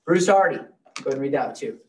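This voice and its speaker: A man's voice: mid-range voice, expressive, quick pace, far from the mic, slight background noise. A man leading a live real estate training class, talking loosely and joking with the room.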